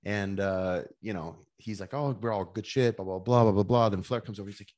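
A man's voice: on the low side, a little fast, hardly any pauses, darkish tone. A middle-aged man, a former wrestler on a podcast, telling rambling stories with many restarts. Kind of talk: casual storytelling.

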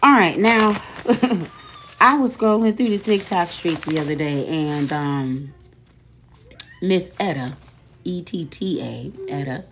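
Woman with a lowish voice gossiping about online drama, says okay a lot, laid back. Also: takes it slowly, a bit bright, a little hiss or hum. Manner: chatty, laughing, repeats "okay?" and "y'all". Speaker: commentary host. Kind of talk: casual commentary on social media drama.

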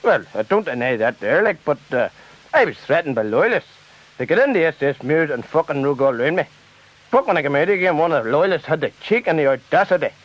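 A man putting on a lower voice as a shifty, defensive politician caught looting. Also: very animated, fairly quick, lo-fi sound. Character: shifty petty-thief male politician, defensive.

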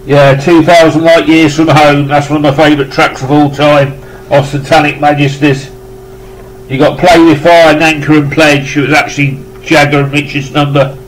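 Chatty British man, slightly high voice. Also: level tone, normal speed, slight background noise, rough recording. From United Kingdom. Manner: rambling, effusive, joking asides. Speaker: vlogger unboxing records. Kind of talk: casual unboxing chat.

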